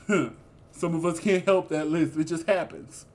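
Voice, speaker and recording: A man co-hosting a casual review chat, animated and exclamatory, with sassy asides. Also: a little high, a little slow. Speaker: co-host reviewing a reality show.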